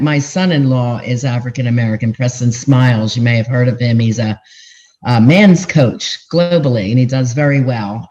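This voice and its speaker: An older woman relationship coach explaining her methods to podcast hosts, telling stories animatedly with pitch jumps for emphasis. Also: mellow. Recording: dull, muffled sound.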